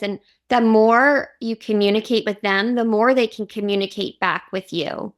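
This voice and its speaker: A woman's voice: a little high, normal speed, hardly any pauses. Heartfelt woman podcast host. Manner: heartfelt, reflective storytelling. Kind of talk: casual podcast conversation.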